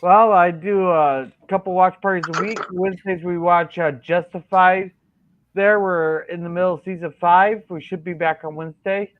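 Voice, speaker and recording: A man's voice: sits high, fairly even intonation, normal speed, dry recording. A man on a casual livestream in a laid-back way, running through his plans with plenty of fillers. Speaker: guest streamer, chat helper. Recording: dull lo-fi microphone.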